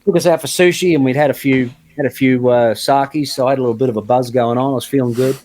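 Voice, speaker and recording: A man chatting as a guest guitarist in an interview, telling a long anecdote in a relaxed, rambling way. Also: medium pitch, fast. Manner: chatty anecdotal storyteller, frequent restarts. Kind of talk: casual storytelling interview.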